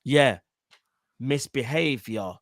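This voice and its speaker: A man, hosting a casual football chat in an animated, slangy, jokey way. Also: mid-range voice, slow pace, dry recording, clean studio sound. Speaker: show host.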